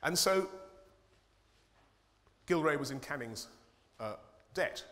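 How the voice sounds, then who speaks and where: A man's voice: on the high side, expressive, takes it slowly, a bit bright. Irreverent man giving a comic talk. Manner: irreverent, swearing, dry comic timing. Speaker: conference speaker, cartoonist. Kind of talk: humorous public talk. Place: conference hall. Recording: long hall reverb.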